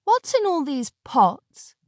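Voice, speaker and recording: Proud deposed young queen, high, shrill, scornful and snappy; a woman narrator puts her on. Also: big pitch swings, takes it slowly, no echo, studio quality, heavily acted. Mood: snappish. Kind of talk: audiobook character voice.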